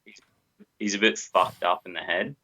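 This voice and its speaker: A man's voice: sits low, fairly even intonation, normal speed, pushed and bright, poor audio. A laid-back man, calling in as a guest and talking in slang. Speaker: call-in guest. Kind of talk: casual call.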